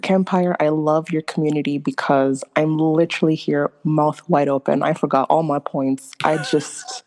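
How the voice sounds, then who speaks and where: Gravelly, excited woman caller. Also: deep voice, moderate pace. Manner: excited, gushing, laughing. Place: at home in Scotland, at midnight.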